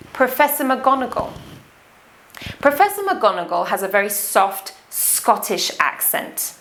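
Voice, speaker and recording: Slow, careful RP English woman teacher. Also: mid-range voice, creaky, fairly bright tone. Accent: English received pronunciation. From England. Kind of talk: accent lesson.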